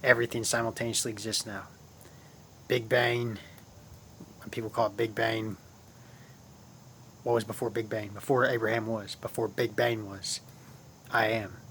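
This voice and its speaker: A man's voice: on the low side, flat delivery, moderate pace, pauses often, a bit bright, a little hiss or hum. A man hosting his own channel, talking casually and at length about spiritual ideas, often repeating himself and calling his viewers guys. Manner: rambling, repeats phrases, addresses viewers as guys.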